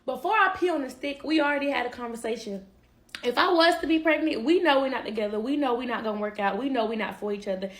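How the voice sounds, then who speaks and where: A woman's voice: high voice, quick pace. A woman telling a personal story casually to a live-stream audience, chatty and direct. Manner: chatty, addresses listeners as y'all, quotes others.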